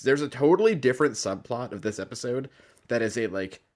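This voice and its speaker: Man, lively intonation, podcast co-host, jokey casual chat. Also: mid-range voice, fairly quick. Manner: animated, jokey commentary.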